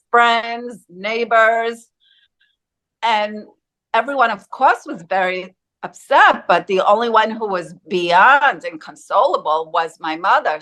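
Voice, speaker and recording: Casting: woman guest, earnest storyteller, slightly higher voice. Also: fairly bright tone. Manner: earnest, vivid retelling that acts out quotes. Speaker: interview guest. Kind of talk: personal storytelling in an interview.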